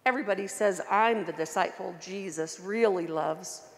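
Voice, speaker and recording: A woman's voice: mid-range voice, normal speed, big-room sound, natural voice. A woman reading the lines of a hesitant but self-assured male disciple in a children's story told in church. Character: earnest male disciple, quietly sure of himself.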